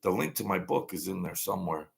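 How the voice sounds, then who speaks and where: A man's voice: deep voice, expressive, quick pace, gravelly. An older man, host of his own channel, telling a rambling story in a blunt, wary, streetwise way.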